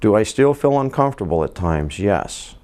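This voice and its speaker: A podcast host in his fifties delivers an earnest, casual monologue, telling stories, asking himself rhetorical questions and restarting often. His voice is fairly low and darkish, very animated, at a moderate pace.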